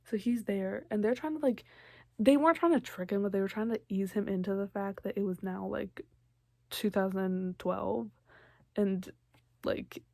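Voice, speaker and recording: Chatty young woman with a gravelly edge. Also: medium pitch, moderate pace, darkish tone, no room sound. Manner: chatty, lots of likes and ums, acts out quotes. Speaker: vlogger. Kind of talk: casual movie recap.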